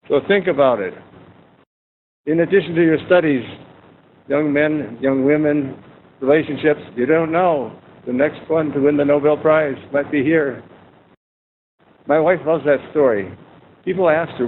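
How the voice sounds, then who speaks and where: A man in his sixties giving a humorous, conversational university lecture with anecdotes. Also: moderate pace. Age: 60s. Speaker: guest lecturer. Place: warm university lecture room. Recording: tinny phone-like sound, faint rumble.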